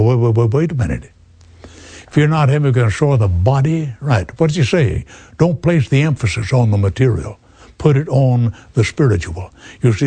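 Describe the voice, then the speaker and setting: An elderly man in his eighties delivers a slow, earnest sermon straight to the listener. His voice is mellow and a little husky, and the recording sounds dry and close. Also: medium pitch, no echo. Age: 80s. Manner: slow, earnest preaching, addressing the listener as friend. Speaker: preacher.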